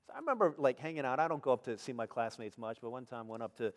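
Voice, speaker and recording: Lively male preacher in a hall. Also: medium pitch, quick pace. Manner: animated storytelling, acts out characters. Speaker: pastor. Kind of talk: sermon.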